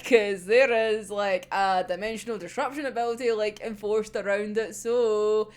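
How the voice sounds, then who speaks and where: A woman casually discussing an anime episode, animated and sweary, often breaking into laughter. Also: mid-range voice, unhurried, few pauses, smooth.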